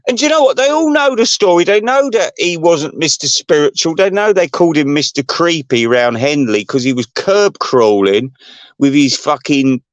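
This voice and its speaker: A man rambles through a gossipy, foul-mouthed rant as host of his own channel, always drifting off on tangents. His voice sits on the higher side for a man. The sound is close and dry, with no room around it. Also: dry recording. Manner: gossipy, profane and digressive.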